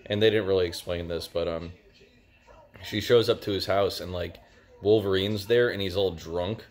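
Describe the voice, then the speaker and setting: A man's voice: sits low, fairly even intonation, normal speed. A young man giving a casual spoken review of a TV series, rambling and filling gaps with "like" and "uh". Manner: rambling, lots of "like" and "uh". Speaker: TV show reviewer.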